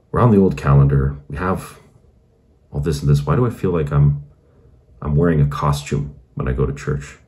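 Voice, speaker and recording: A married adult man hosts his channel and earnestly shares his conversion story as a casual testimony, reflective and full of fillers and restarts. His voice is bass with a darkish tone.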